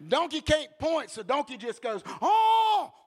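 A male preacher giving a sermon in animated storytelling, with blunt joking asides and bursts of shouting. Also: very high voice, slow, in a large hall.

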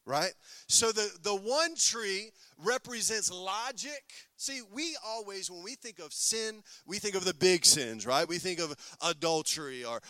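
A man's voice: high-pitched, sharp tone, no echo. A man preaching a sermon as pastor, often asking the congregation call-and-response questions.

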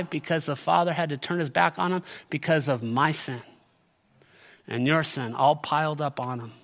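High, bright-voiced man preaching in a hall. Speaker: pastor. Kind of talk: sermon.

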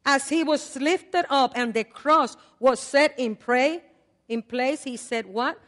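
An older woman preaching a sermon in a conversational way. She swings between loud repeated prayers and soft asides. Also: sits high, slow. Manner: conversational, with fillers and laughs. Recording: long hall reverb.

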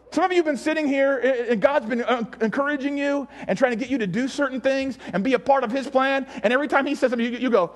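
A man's voice: very high voice, fast talker, few pauses. A male pastor preaching a sermon in a church, emphatic, repeating phrases and firing rhetorical questions at the congregation.

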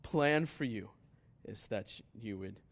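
A man preaching a sermon in a relaxed, conversational way, with asides to the congregation. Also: lowish voice, takes it slowly. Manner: conversational preaching that rises to emphatic scripture reading. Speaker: pastor.

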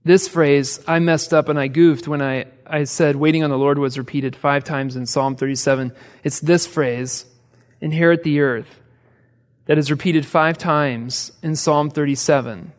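A man preaching in a conversational way, leaning on rhetorical questions and light humor. His voice sits a little high for a man. The sound carries a long reverb, as in a church sanctuary. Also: steady tone, measured pace. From American Midwest. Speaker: pastor. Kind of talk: sermon. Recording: reverberant hall.

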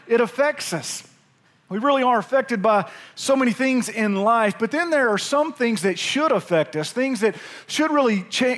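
A pastor preaching to his church, his voice sitting high for a man. He tells his story in an animated, chatty way and keeps turning to the congregation with asides. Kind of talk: sermon with storytelling. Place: church sanctuary.

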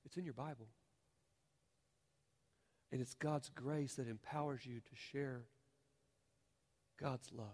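A man's voice: medium pitch, steady tone, slow, pauses often, a little mellow. A man preaching a sermon as a pastor, earnest and rising to fervent appeals to the congregation. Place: church sanctuary.

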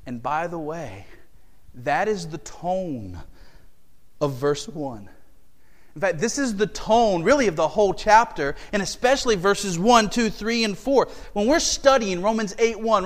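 A man preaching as pastor in a church sanctuary, his voice sitting a touch higher than most men's. He swings between loud, emphatic declarations and soft, near-whispered pleading. A long reverb hangs in the hall around him. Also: big pitch swings, normal speed. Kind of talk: sermon.

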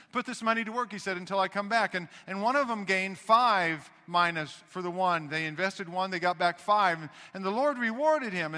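A man preaching a sermon in a church sanctuary, his high voice ringing through a long hall reverb. He sounds bright and keen-edged, folksy and animated. He keeps asking the room rhetorical questions and restarting his sentences. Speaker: pastor.

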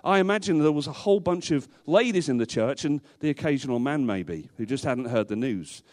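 A man's voice: medium pitch, lively intonation, brisk, darkish tone. A male pastor preaching a sermon to a congregation in a church, emphatic, repeating rhetorical questions and dropping in dry humorous asides.

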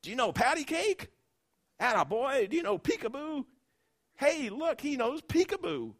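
A man voicing a ragged, drunk old street bum who calls out loudly to a baby in a high, swooping voice. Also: big pitch swings, moderate pace, heavily acted. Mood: shouting.

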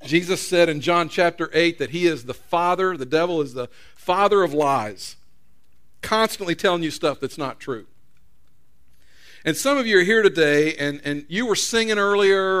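A man's voice: high-pitched, fairly bright tone, clear, resonant tone. A man preaching a sermon as pastor, in a conversational storytelling way with repeated restarts.

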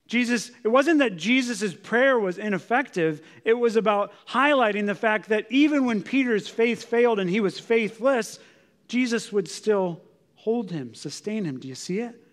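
A man with a high-pitched voice preaches an expository sermon, earnest and emphatic. He keeps turning to his listeners with rhetorical questions. His words ring out with a long reverb, as in a large hall. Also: animated, moderate pace, fairly bright tone. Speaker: pastor.

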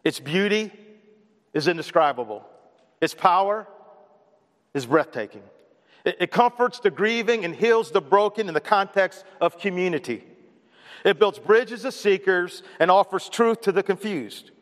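A man's voice: sits high, lively intonation, normal speed, a bit bright, long reverb tail. A man preaching a sermon as pastor of a church, emphatic and repetitive, calling on the congregation to respond. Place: church sanctuary.

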